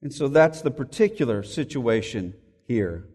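A man's voice: medium pitch, animated, normal speed, darkish tone, slightly rough. A man preaching an expository sermon, reading scripture aloud and explaining it verse by verse, stressing key phrases by repeating them. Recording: long hall reverb.

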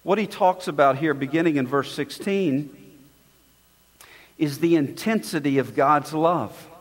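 A man preaching a sermon, stressing and repeating key words with dramatic pauses. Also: on the high side, long reverb tail.

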